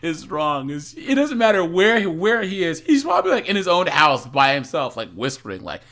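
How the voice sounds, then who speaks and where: A man's voice: sits high, normal speed. A man giving chatty livestream commentary as he reacts to a video, often calling out to his viewers. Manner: animated, chatty, addresses viewers as guys.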